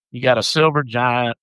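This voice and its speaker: A man's voice: mid-range voice, a bit bright, clean tone, dry recording, low-quality recording. A man with a Southern US accent co-hosting a podcast, telling stories in an easygoing, joking way. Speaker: podcast co-host. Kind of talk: casual podcast chat.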